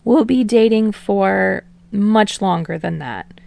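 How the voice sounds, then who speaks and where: A woman's voice: mid-range voice, takes it slowly, vocal fry, a little mellow, dry recording. A woman reading as an easygoing teen boyfriend. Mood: sheepish. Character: easygoing affectionate teenage boy. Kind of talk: podfic reading.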